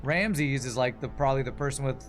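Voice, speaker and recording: A man's voice: medium pitch, brisk, soft background music. An American man giving chatty, rambling gameplay commentary on a stream, reading chat and reacting with amusement. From United States.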